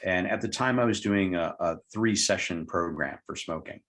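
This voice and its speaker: A man's voice: low voice, normal speed, a bit bright. A man, a hypnotherapist guest, telling a client story in an interview and acting out both sides of the dialogue. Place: lived in Tucson, Arizona.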